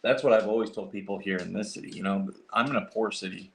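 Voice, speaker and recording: A man's voice: fairly low pitch, fast, gravelly, fairly bright tone, a little hiss or hum. A man hosting a casual livestream, rambling with many fillers and restarts as he clicks through his computer and talks to viewers. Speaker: livestream host.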